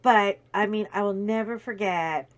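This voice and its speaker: A woman's voice: medium pitch, moderate pace. A woman hosting a casual crafting video, telling an anecdote with many fillers and acted-out quotes. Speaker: video host. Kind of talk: casual storytelling while diamond painting.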